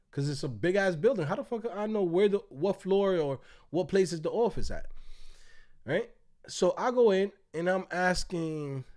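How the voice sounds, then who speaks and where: A man hosting a livestream, telling a story in casual, profane, swaggering talk and acting out the other people's lines. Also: a little mellow. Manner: acts out quoted voices in a raised pitch. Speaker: host. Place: Tampa, United States.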